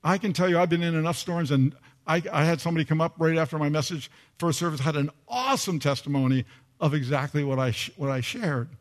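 A man's voice: a little high, fast. An older man preaching a sermon, telling a personal story and repeating phrases for emphasis. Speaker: pastor.

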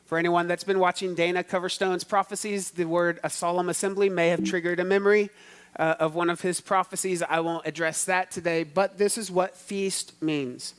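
High-voiced male pastor preaching. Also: fairly even intonation, normal speed, clear, resonant tone. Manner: emphatic teaching, repeats key words, asks congregation to respond. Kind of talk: sermon.

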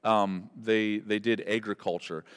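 A man preaching an expository sermon, telling the story with animated, emphatic delivery that builds to loud peaks. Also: lowish voice, measured pace, clear, resonant tone. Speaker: pastor. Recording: long hall reverb.

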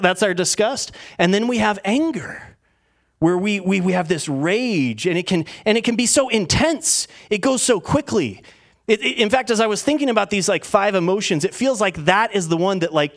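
A man preaching a sermon as pastor, talking in a casual storytelling way with plenty of fillers. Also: high-pitched.

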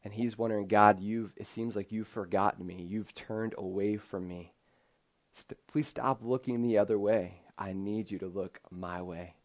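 A man's voice: on the low side, fairly even intonation, normal speed. A man in his thirties preaching an earnest, conversational sermon, often restarting his sentences. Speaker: pastor.

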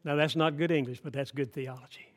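A man's voice: a little high, steady tone, brisk. An older man from Atlanta, preaching a sermon in a folksy, emphatic way with asides to the congregation. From Atlanta, Georgia. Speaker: pastor.

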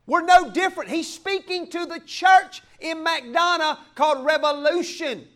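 A pastor with a drawl preaches with fiery passion, his voice pitched unusually high for a man. He swings from loud exclamations to quieter asides, laughing as he drives his points home in a church. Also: a little slow. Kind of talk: sermon.

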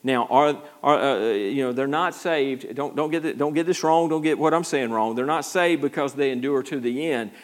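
A man preaching a Bible-study sermon, talking conversationally with many stammered restarts and sudden lively jumps when he acts out what people say. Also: normal speed, few pauses. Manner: animated, jumps high when acting out quotes. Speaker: pastor.

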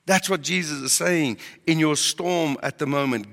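Male pastor preaching; emphatic questions, bright voice, reverberant hall sound. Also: fairly high pitch, normal speed, vocal fry. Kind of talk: sermon.

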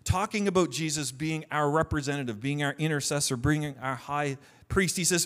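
Male pastor, slightly higher voice, conversational sermon, reads scripture with emphasis, frequent restarts. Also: a little fast, few pauses, fairly bright tone. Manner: repeats words and restarts often.

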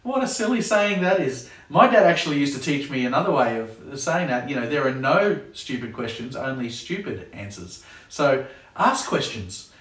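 A man's voice: medium pitch, sing-song, moderate pace, fairly bright tone. A man who leads a kids club, chatting casually to camera with a jokey manner and acting out parents' sayings. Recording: roomy sound from a distant mic.

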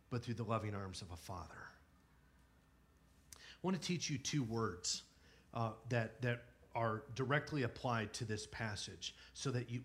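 A man in his thirties preaching a sermon who moves from quiet storytelling to emphatic, near-shouted exhortation and has the congregation repeat words after him. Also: medium pitch. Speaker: pastor.

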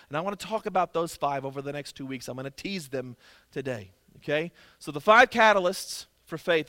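Brief: male pastor, high and bright, emphatic conversational sermon, dry close sound. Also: no echo. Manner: emphatic, repetitive, conversational preaching.

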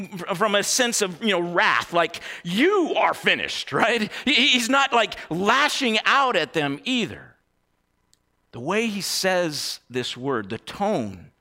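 Bright, high-voiced male preacher. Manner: expressive, emphatic, swings between hushed and excited. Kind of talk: sermon.

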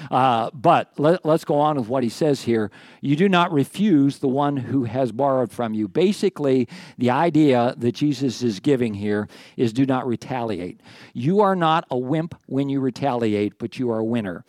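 A male pastor preaching in a folksy, easygoing way, mixing scripture with jokes and self-correcting restarts. His voice sits at an ordinary middle pitch and sounds close and dry, and he is slightly winded. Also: darkish tone, no room sound. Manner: folksy, joking asides, frequent restarts. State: out of breath. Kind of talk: sermon.

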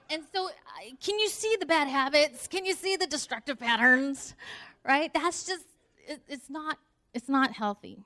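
A woman's voice: sits high, a bit bright. A middle-aged woman giving a conversational sermon, telling a story with acted-out dialogue and laughter. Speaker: speaker.

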